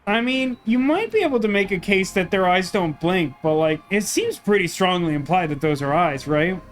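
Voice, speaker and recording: A man's voice: sits high, lively intonation, faint music behind. A man casually chatting and joking while streaming a game. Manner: chatty, joking, quick asides.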